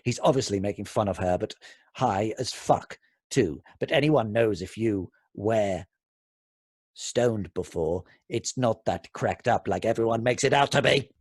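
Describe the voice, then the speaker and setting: A husky man co-hosting a casual chat podcast, often cursing as he reads out internet comments. His voice sits in a middle pitch and comes across dry and close. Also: unhurried, no echo. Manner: swearing, reads comments aloud. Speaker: podcast co-host.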